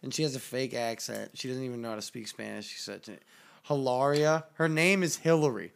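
A man's voice: medium pitch, fairly quick, vocal fry. A man co-hosting a casual podcast chat, telling stories with lots of swearing and mocking quoted voices. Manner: profane, animated storytelling with mocking quoted voices. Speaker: podcast co-host.

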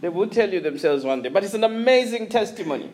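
A man preaching a sermon, telling a story in an animated way with chuckles and restarts. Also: high voice, fast talker.

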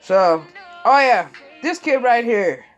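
A woman giving blunt, profane, rambling commentary as she reacts to music, swinging from loud rants to low mumbles. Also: lively intonation, slow pace, muffled recording.

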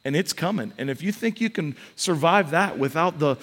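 A man's voice: fairly high pitch, lively intonation, moderate pace, fairly bright tone. A man preaching a sermon in a conversational style, building emphasis and adding casual asides. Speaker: pastor. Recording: long hall reverb.

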